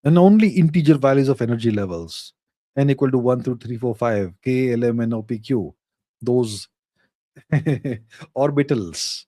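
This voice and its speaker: A man's voice: mid-range voice, lively intonation, moderate pace, warm tone, dry recording, clean studio sound. A middle-aged man hosting a casual live Q&A, answering viewer questions in an emphatic, lecturing way and repeating phrases for stress.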